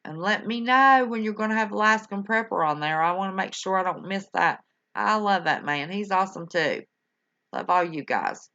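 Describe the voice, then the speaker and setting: A woman's voice: mid-range voice, expressive, normal speed, vocal fry, bright, forceful tone. Folksy older woman hosting a stream. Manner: folksy and affectionate, calling viewers honey and y'all. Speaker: livestream host. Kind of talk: casual chat with live viewers. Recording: dull lo-fi home stream audio.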